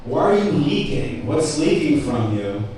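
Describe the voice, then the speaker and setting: A man's voice: mid-range voice, very animated, a little slow, a little mellow. A man doing a rambling, self-deprecating stand-up set at an open mic, with lots of ums and restarts. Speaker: stand-up comic. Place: cafe open mic, indoors. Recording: very echoey room, distant mic, faint noise.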